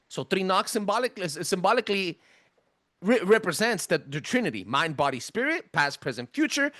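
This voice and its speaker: A man with a self-described thick accent, hosting a podcast and giving a casual presentation in an emphatic, animated way. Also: no echo, clean studio sound. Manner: animated, emphatic, swinging pitch. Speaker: podcast host.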